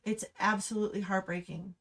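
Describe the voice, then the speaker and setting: A woman's voice: mid-range voice, fairly even intonation, a little fast, a bit bright. A woman hosting her own livestream, ranting in an impassioned, restless way. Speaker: livestream host. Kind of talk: angry livestream commentary. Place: Humboldt County, California.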